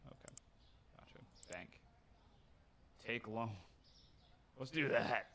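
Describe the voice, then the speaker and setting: Gravelly, lively man narrating gameplay. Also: on the low side, unhurried, pauses often, a little hiss or hum. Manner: animated, self-narrating with mock outrage. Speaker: gaming streamer. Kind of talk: casual gameplay commentary.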